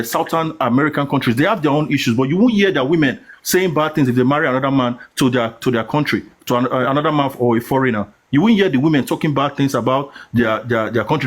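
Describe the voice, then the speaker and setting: A man giving his opinion on a live group call, rambling with many fillers and restarts. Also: a little high. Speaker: caller in an online group talk. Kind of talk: casual opinion chat.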